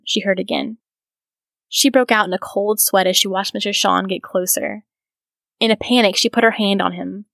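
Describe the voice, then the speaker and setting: A woman's voice: medium pitch, fairly even intonation, brisk, gravelly, a bit bright, no echo. A woman hosting a podcast who reads from a biography aloud and adds earnest, reflective comments of her own. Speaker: podcast host.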